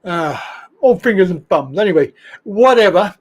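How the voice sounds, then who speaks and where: A man's voice: high voice, expressive, moderate pace. A man hosting a casual live stream show, chatty and rambling, greeting viewers and laughing at his own slips. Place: home studio, in Thailand.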